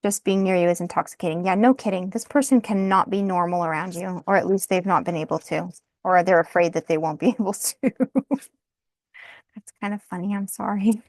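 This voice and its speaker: A woman's voice: fairly low pitch, fairly even intonation, a little fast, no echo. A woman doing a casual tarot card reading, thinking aloud, often breaking into laughter and apologizing. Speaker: tarot reader.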